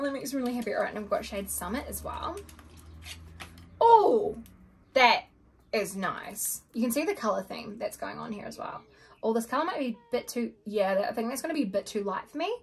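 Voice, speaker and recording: A young beauty vlogger unboxes makeup at home, talking casually and excitably, gushing and gasping at the colors and sometimes dropping into a soft whisper. Her voice sits a little high and is slightly rough.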